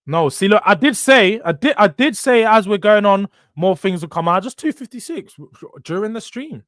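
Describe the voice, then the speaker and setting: A man's voice: sits high, lively intonation, normal speed, a bit bright, no echo, studio quality. A young man hosting a live football stream, ranting animatedly with slang and swearing. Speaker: football channel host.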